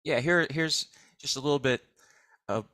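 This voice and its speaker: A man co-hosting a comedy show, easygoing and laughing, with halting restarts. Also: on the high side, pushed and bright, dry recording. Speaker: co-host. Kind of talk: casual banter.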